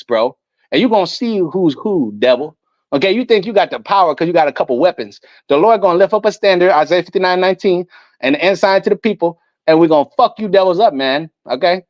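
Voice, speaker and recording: A man with a notably high voice delivers a fiery sermon, moving between slow scripture reading and combative, profane commentary. The sound is muffled and lo-fi, yet close and dry, with almost no echo. His delivery stays declamatory and defiant throughout. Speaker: preacher. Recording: dull, muffled lo-fi audio.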